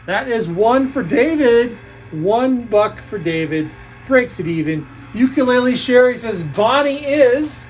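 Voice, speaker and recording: A woman hosts a live coin-pusher stream in an unhurried, expressive voice that's fairly high in pitch yet darkish in tone. She calls plays and counts totals aloud playfully, and the rough recording has a little hiss or hum.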